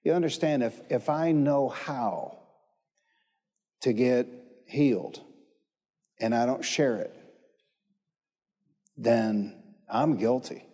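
A male preacher delivering a sermon, emphatic and repetitive, often turning to the congregation with questions. His voice is dark and mellow. A long hall reverb trails behind him. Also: mid-range voice, slow, pauses often. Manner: emphatic, repeats phrases, calls congregation to respond.

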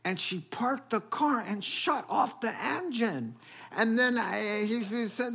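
A man preaching a sermon, telling stories and acting out quoted voices in an animated way. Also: high voice, unhurried, breathy edge. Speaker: pastor.

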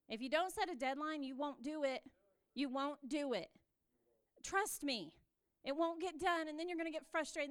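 A high-voiced woman speaks from the front of a church in an earnest, exhorting teaching style. She repeats her key phrases for emphasis and the sound stays close and dry. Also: no echo.

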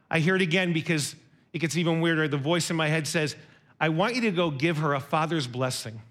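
A middle-aged man with a high, light voice gives a sermon as a personal story. He talks conversationally and pokes fun at himself. He slips into the voices of the people he quotes. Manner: conversational, self-deprecating, animated retelling with quoted dialogue. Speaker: preacher.

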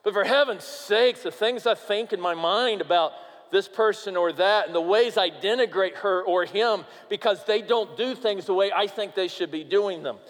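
Man, pastor, high voice, emphatic sermon delivery, long hall echo. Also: normal speed. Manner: animated, emphatic preaching that drops to quiet asides. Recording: long reverb of a large hall.

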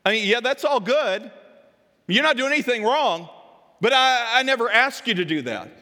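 A male preacher voicing God as a patient, gently exasperated figure, talking loud and emphatic in a sermon. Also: very high voice, sing-song, moderate pace, pitched above the performer's own voice, full character voice. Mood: explaining. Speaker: pastor. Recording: echoey hall with long reverb.

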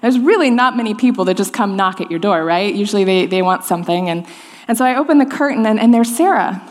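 A woman's voice: medium pitch, lively intonation, quick pace, a little mellow. A woman in her thirties giving a sermon, telling a personal story in a loose, conversational way with lots of restarts. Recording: long hall reverb.

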